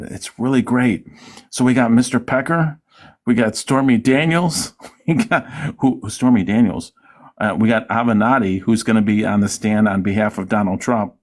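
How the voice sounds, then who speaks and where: A man hosting his own vlog, mocking and taunting his targets in loose political commentary. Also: lowish voice. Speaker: vlogger.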